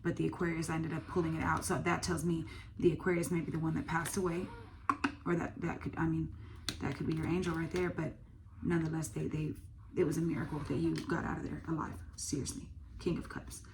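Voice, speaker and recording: Low, flat-voiced woman reading tarot. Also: fairly quick, gravelly, background noise. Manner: thinking aloud, swearing, frequent fillers. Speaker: tarot reader.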